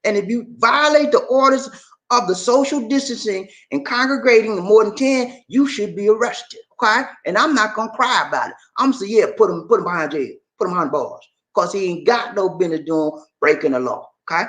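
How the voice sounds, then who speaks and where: A man's voice: high voice, brisk. A man hosting a casual livestream, greeting viewers and reading their comments aloud in an emphatic, chatty way. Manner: animated, emphatic, chatty, repeats phrases. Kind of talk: casual live chat.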